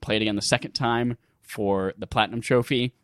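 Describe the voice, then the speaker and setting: A man hosting a casual gaming podcast, recounting a game in an animated, profane, laugh-filled way. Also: mid-range voice, fairly quick, no echo, studio quality. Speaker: podcast host.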